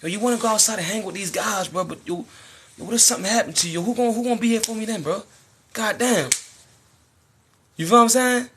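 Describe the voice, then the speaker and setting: Husky high-voiced young man preaching. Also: fast, long pauses. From United States. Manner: animated, slangy, preachy. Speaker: livestreamer. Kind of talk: casual live-stream monologue.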